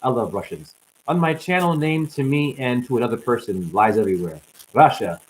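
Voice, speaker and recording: A preachy man rambling through static. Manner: preachy, swinging from loud outbursts to low mutters. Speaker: livestream host. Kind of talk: rambling livestream talk. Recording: crackling static on the line.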